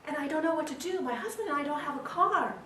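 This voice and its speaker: A woman doing a frantic British lady's voice, pushed up high and breathless. The sound is roomy and distant, with faint ambience underneath. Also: lively intonation, quick pace, a bit bright. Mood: panicked. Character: flustered British woman guest, panicky and apologetic.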